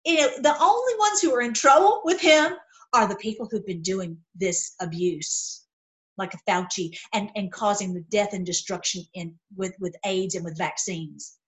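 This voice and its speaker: A woman's voice: mid-range voice, moderate pace, rough recording. A middle-aged woman talking heatedly in a casual opinion monologue, with frequent restarts. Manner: impassioned, heated, repetitive restarts. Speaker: video commentator.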